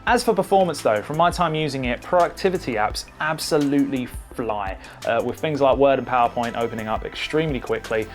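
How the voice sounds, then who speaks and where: A man giving a relaxed, conversational laptop overview as a tech reviewer, with frequent fillers. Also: mid-range voice, brisk, faint music behind. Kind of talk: casual product overview.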